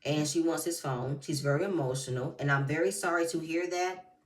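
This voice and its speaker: A woman's voice: low-pitched, fairly even intonation, a little fast, reverberant, distant mic. A woman giving blunt, profane, heated commentary as she recaps a reality TV reunion. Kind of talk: casual commentary.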